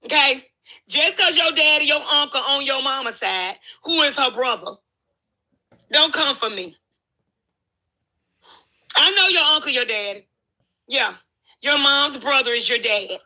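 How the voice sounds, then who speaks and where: Sassy loud-mouthed woman on a live chat, super bright voice, a bit high. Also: measured pace, pauses often. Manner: sassy, brash trash talk. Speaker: guest. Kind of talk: livestream call-in chat.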